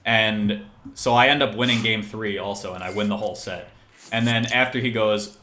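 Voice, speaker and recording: Lowish yet bright and forceful, the voice moves fairly quickly as this man spins a loose, filler-heavy tale. He quotes people with exasperation, and the recording carries room echo and slight background noise.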